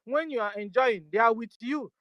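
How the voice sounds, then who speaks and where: A woman hosting a casual live audio chat, forceful and firm, often asking "you understand?". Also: on the high side, moderate pace, no room sound, dull audio. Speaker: host of an online audio space.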